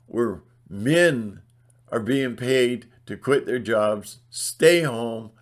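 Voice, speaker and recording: A man's voice: mid-range voice, lively intonation, extremely slow. A middle-aged man ranting in a blunt, sarcastic monologue, rambling with restarts and putting on mocking voices. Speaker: channel host.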